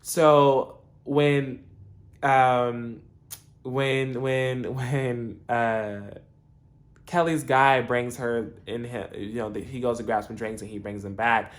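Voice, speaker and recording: A young man casually recapping a TV episode, animated and laughing, acting out the characters' lines. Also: mid-range voice, slow. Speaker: TV episode reviewer.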